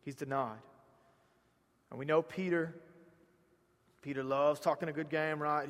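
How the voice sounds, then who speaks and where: A man from South Georgia with a Southern accent, preaching a sermon as a pastor. He swings from hushed lines to loud, rising ones and repeats words for emphasis. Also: a little high, fairly even intonation, unhurried, long pauses, long reverb tail.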